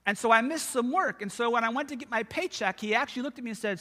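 A man's voice: very high-pitched, fast talker. A man preaching a sermon to his church, telling stories from his own life in a loose, chatty way. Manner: conversational storytelling, animated and expressive. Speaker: pastor. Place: church sanctuary. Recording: long church hall reverb.

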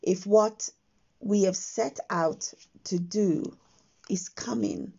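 A woman hosting her own podcast, talking slowly and gently with pauses, her voice croaky from just waking up, recorded on her phone in a quiet house. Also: medium pitch, lo-fi sound. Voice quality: croaky morning voice. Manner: slow, gentle, with frequent pauses. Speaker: podcast host. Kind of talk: slow reflective podcast monologue.

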